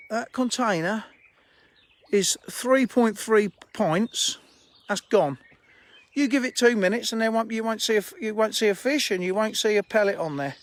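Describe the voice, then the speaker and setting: A fishery owner chatting informally on a live stream while walking round his lake, holding his phone, with faint birdsong outdoors. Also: sits high. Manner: chatty, laughing, blunt and informal. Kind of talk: live-streamed lakeside walk and chat. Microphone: handheld phone.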